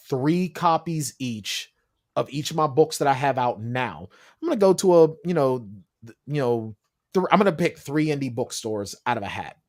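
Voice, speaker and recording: A man on a video call as an author guest in casual chat, telling stories with energy and acting out the people he quotes. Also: medium pitch. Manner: animated storyteller, acts out quotes.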